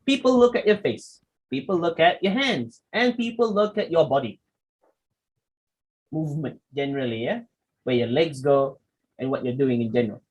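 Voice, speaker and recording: A young man leads a public speaking workshop. He moves through his slides in a lively way, stopping to ask his listeners questions. He slips into short acted examples to make each point. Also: fairly high pitch, breathy edge, muffled recording. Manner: lively, acts out quick examples, asks the audience questions. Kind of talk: lecture presentation with slides.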